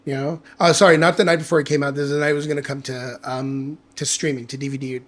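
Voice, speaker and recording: A fast-talking man with a mid-range voice appears as a podcast guest, telling a personal story in relaxed conversation. Animated and candid, he swears freely and acts out the dialogue he quotes.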